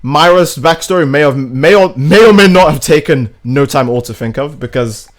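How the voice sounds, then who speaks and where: A man's voice: a little high, expressive, fairly quick, hardly any pauses. A young man streaming a game, chatting casually in a rambling, crude, joking way. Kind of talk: casual livestream chat while gaming.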